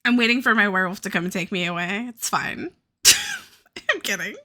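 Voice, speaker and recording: A woman's voice: mid-range voice, brisk, pushed and bright. A woman in her twenties from the American South, chatting casually with viewers as a streamer, full of "like" and swearing freely. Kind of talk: casual chat with chat.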